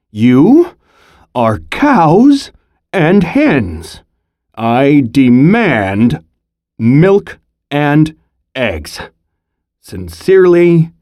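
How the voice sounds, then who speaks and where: A reader voicing an indignant, easily flustered farmer in a storybook read-aloud, with shrill, exasperated outbursts. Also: a little mellow, no echo, clean studio sound. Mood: stern.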